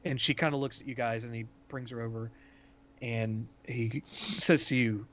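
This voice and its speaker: A man's voice: mid-range voice, fairly even intonation, moderate pace, a bit bright, slight background noise. A man narrating a tabletop game as game master, talking casually with lots of "like" and "um". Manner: casual, full of "like" and "um".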